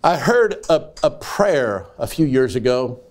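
An older man preaching a sermon as an evangelist. He moves from folksy storytelling to rising, loud preaching cries. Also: mid-range voice, big pitch swings, a little slow.

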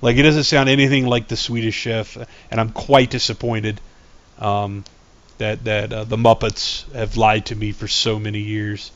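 A man's voice: lowish voice, flat delivery, moderate pace, fairly bright tone, muffled recording. A man chatting casually and goofily on a live game stream. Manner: goofy, rambling, playful voices.

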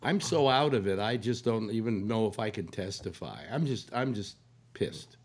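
An older man hosting a talk show, hoarse with a cold, rambling in casual talk with many restarts. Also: lowish voice, animated, moderate pace, slight background noise. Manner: rambling, full of restarts and "you know". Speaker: radio talk host.

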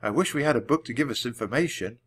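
A man voicing a careful, questioning young boy in a storybook reading, a little higher than his narration. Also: fast talker, a bit bright, natural voice. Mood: cautious. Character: cautious, bookish young boy.

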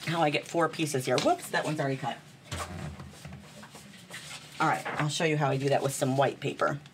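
A woman's voice: deep voice, fairly even intonation, moderate pace. Woman, casual crafting demo, friendly rambling chatter, a touch of faint background hiss. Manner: chatty, bubbly, self-deprecating, talks to viewers as friends. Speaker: card-making host.

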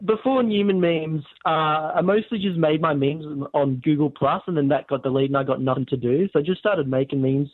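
A man's voice: on the high side, brisk, few pauses, no echo. A man answering interview questions casually, hesitating and searching for words. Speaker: interview guest, meme page maker. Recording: tinny dry phone line.

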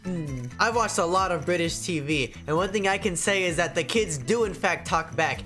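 American woman, low-ish voice, lazy slangy drawl, soft music behind. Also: moderate pace. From United States.

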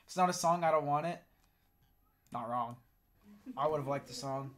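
A man with a high-pitched voice reacts to a video on stream. He keeps it loose and joking, dropping swears as he riffs. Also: moderate pace, a bit bright. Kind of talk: casual reaction commentary.

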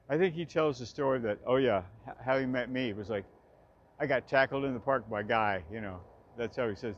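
A man in his sixties, speaking in a mid-range voice captured on dull audio, looks back on his old theater days in a relaxed, chatty way outside in a park. His talk rambles, with frequent restarts and plenty of laughter.

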